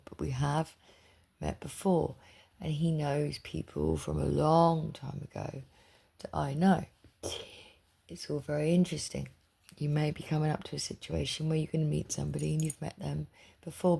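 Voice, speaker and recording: A woman's voice: low voice, dark tone. A woman chatting in a rambling, confiding way, telling a personal story as a spiritual reader. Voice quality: gravelly and husky.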